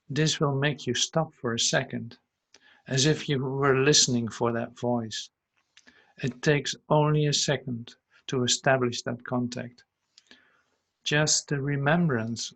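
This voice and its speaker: Guy teaching a spiritual class online, reads slow and gentle, mid pitch. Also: fairly even intonation. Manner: slow, gentle, reads passages aloud and muses on them.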